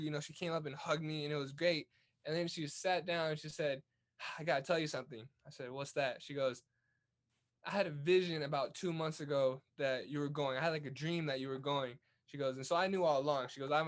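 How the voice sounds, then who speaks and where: A young man from California's Central Valley talks fast and eagerly as an interview guest. His voice sits a little high, and he tumbles through restarts as he tells his stories. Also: fairly even intonation. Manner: fast, upbeat, many restarts. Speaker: guest, Olympic boxer. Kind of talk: casual interview storytelling.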